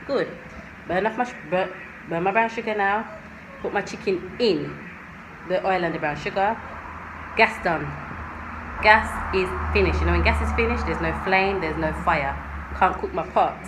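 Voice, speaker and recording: A woman's voice: fairly low pitch, moderate pace, pauses often. A woman chatting and ranting in a casual home vlog from her kitchen. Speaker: vlogger. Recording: noisy home recording.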